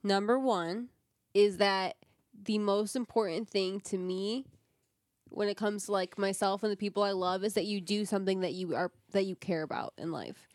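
A woman's voice: mid-range voice, fairly even intonation, moderate pace, no echo, studio quality. A woman with a Michigan accent co-hosting a podcast, making earnest points in casual chat and swearing freely. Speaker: podcast co-host.

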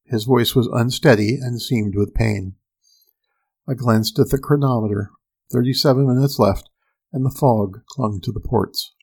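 A man's voice: mid-range voice, fairly even intonation, moderate pace, creaky. A man narrating a first-person science-fiction story in a tense, dramatic storytelling manner.

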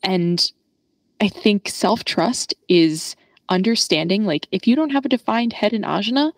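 A young woman chatting as a podcast guest in a slangy, animated way, full of casual fillers. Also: mid-range voice, a little slow, no echo. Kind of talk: casual conversational interview.

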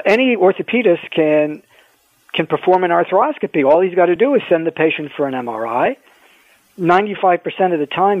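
A man, an orthopedic surgeon, telling wry stories in a measured way as a guest in an interview. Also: on the high side, no echo. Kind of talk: phone-in interview, storytelling. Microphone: telephone. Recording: tinny phone line.

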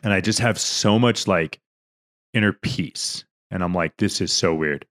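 A man's voice: low-pitched, measured pace, a bit bright. A young man on a podcast, earnestly recounting a story in a rambling, emotional way with many restarts, near tears. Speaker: podcast co-host. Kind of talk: casual podcast conversation.

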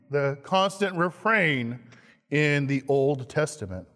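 A man, a pastor, preaching a sermon slowly and emphatically, acting out quoted lines with dramatic stress. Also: sits high. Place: church sanctuary. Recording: long hall reverb, church sanctuary.

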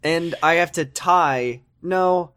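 A man's voice: fairly high pitch, a bit bright, clear, resonant tone. A man co-hosting a podcast in casual chat, chiming in with jokes and reading listener questions. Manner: quick jokey interjections. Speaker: podcast co-host.

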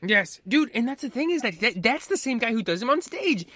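Bright, animated man chatting. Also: very high-pitched, brisk, dry recording, studio quality. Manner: animated, swearing, acts out characters. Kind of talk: casual chat about a film.

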